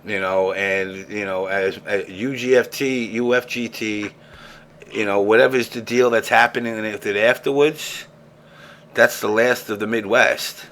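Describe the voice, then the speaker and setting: A man's voice: lowish voice, fairly even intonation, measured pace, a bit bright, slight background noise. Profane, ranting podcast host man. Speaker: show host. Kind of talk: casual gaming podcast talk.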